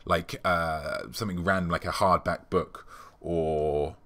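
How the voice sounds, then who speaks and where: A man hosting his show, delivering a rambling, deadpan comic monologue full of ums. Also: low voice, a little slow. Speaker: show host.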